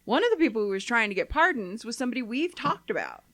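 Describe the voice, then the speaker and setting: A woman's voice: a little high, big pitch swings, quick pace, a bit bright, dry recording. A woman co-host chatting casually, rambling through a story and acting out what people said. The mic is dry and close, with little room sound. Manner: rambling storyteller, acts out quotes, frequent "like". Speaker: podcast co-host. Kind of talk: casual chat.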